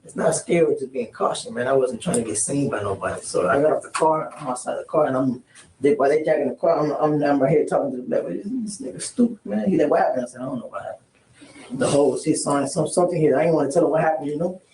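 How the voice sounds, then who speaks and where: Under questioning, a man recounts past events and performs the quoted exchanges in casual street slang. His voice is fairly high, quick and a little mellow, captured on a distant mic in a roomy space with faint hiss.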